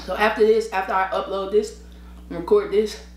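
In this mukbang clip, a tired woman talks casually as she eats on camera, sharing animated, slangy stories punctuated by frequent laughs and pauses to eat and sip. Her voice is mid-range and a little fast, captured on her own microphone in an echoey room with slight background noise.

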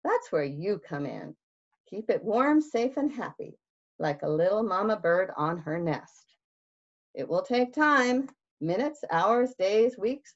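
A woman voicing a sly, fast-talking male fox salesman with a wheedling pitch, in a storybook reading. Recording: dull lo-fi recording.

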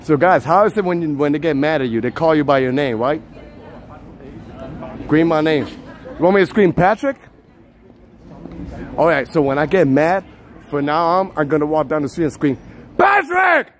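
A man from Puerto Rico hosts a live street vlog at night, walking city streets with a handheld phone while playfully teasing viewers and shouting names loudly. His voice leans high, at normal speed with long pauses, and faint street and traffic noise can be heard outside.

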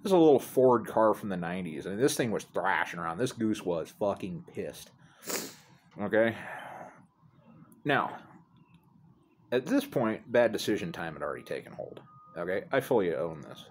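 A man's voice: sits low, very animated, normal speed, pauses often, slight background noise. A middle-aged man telling a rambling, profane, self-deprecating story into his phone outdoors. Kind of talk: casual storytelling to a phone camera. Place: outdoors near apartments. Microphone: phone held by speaker.

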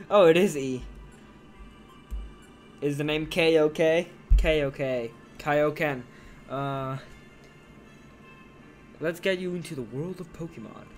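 Slow-talking guy doing a jokey let's play, reads the text out loud, swears a bit, quiet game music behind. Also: medium pitch. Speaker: let's player. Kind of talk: casual gameplay commentary.

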